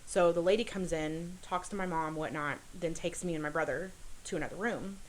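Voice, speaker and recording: A woman telling a personal story as a podcast guest, earnest and halting, with many fillers and restarts. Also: fairly low pitch, a little hiss or hum, poor audio. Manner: earnest, confessional.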